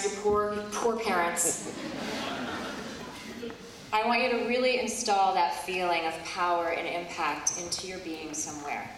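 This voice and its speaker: A woman's voice: on the low side, distant mic, slight background noise. Playful woman speaking in an echoey hall. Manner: warm, playful, emotional, self-deprecating. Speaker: commencement speaker. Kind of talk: commencement speech. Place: large auditorium.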